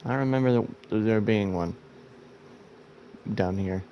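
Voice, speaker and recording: A gravelly, dark voice on the low side belongs to a sleepy gameplay host who's just woken up. He talks slowly, rambling and teasing himself through his let's-play, with faint hiss or hum in the recording.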